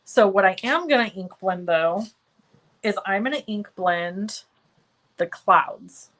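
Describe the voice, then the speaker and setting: A woman leads a live cardmaking lesson in a chatty, easygoing way. Her voice sits at an ordinary middle pitch. She talks through each step as she works and pauses to answer viewers by name, often poking fun at herself. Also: animated, a bit bright, poor audio. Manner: self-deprecating, talks while working. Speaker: crafting stream host.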